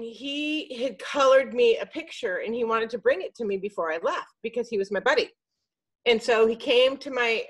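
A middle-aged woman telling a story in casual chat, animated and swearing freely. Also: on the high side, poor audio. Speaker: podcast guest. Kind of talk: casual storytelling on a group video call.

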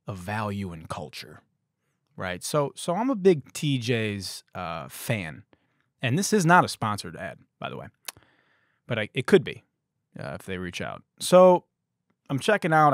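A man in his thirties hosting a podcast, telling a comic story in a sarcastic, animated way. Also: medium pitch, normal speed, no echo, studio quality. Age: 30s. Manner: sarcastic, animated, puts on voices for quoted people. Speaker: podcast host. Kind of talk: comedic storytelling monologue.

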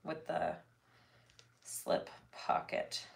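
A woman hosting a casual livestream, muttering checklists to herself as she works, with chatty asides to viewers. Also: very slow. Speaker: livestream host, bag maker. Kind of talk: casual livestream chat while cutting fabric. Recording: noticeable background noise.

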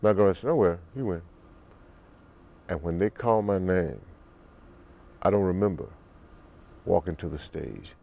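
Deep-voiced older man telling stories. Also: animated, vocal fry, dark tone. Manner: deep, unhurried storyteller who acts out quotes. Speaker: musician guest. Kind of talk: relaxed storytelling interview.

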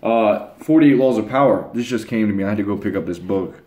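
Talking a little fast in a low, slightly mellow voice, a young channel host delivers a casual monologue to camera. He's blunt and rambling with crude slang, and the room is echoey.

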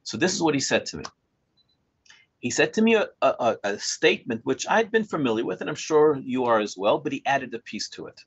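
A man in his sixties, a Torah scribe, telling a story to a small group in an animated way, acting out dialogue and often chuckling as he talks. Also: medium pitch, fairly quick, breathy edge. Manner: chuckles often while talking. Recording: dull lo-fi recording.

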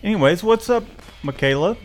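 A man's voice: sits high, lively intonation, a little fast, loud music behind the voice. A man co-hosting a casual livestream, joking and greeting viewers by name. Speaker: livestream co-host.

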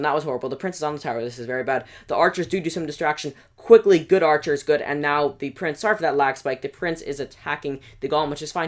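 Brief: quick-paced gameplay commentator, middle pitch, excitable play-by-play with sudden yelps, voice wearing hoarse. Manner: excitable play-by-play, rising to yelps at big moments. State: voice going hoarse. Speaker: gaming channel host. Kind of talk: gameplay commentary over battle replays.

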